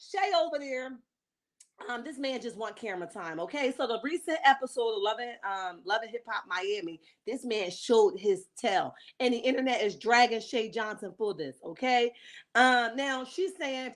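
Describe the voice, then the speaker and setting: Brief: woman commentary host, high-pitched, sassy, animated, talks to chat. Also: normal speed. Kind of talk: casual reality TV commentary.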